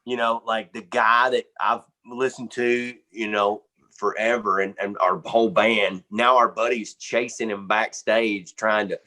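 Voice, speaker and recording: A man, a band's drummer, telling a backstage story in an animated, casual way, full of "man" and "you know.". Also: lowish voice, a little slow. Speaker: band drummer interviewed.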